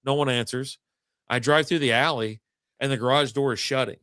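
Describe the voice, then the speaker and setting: A man's voice: medium pitch, fairly even intonation, fairly quick, noisy background. A man hosting a casual podcast chat, telling a long story with lots of swearing and acted-out quotes. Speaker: podcast host.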